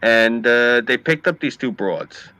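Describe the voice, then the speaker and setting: A man's voice: medium pitch, lively intonation, a little slow, bright, forceful tone, dry recording, low-quality recording. A man chatting casually on a live stream, telling stories animatedly and swearing freely. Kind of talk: casual chat and storytelling.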